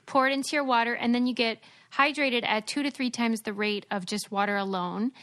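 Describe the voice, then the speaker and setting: A woman hosting a podcast, chatting casually and reading an ad in an even, conversational way. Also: fairly high pitch, a little fast. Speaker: podcast host. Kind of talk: casual chat with host-read ad.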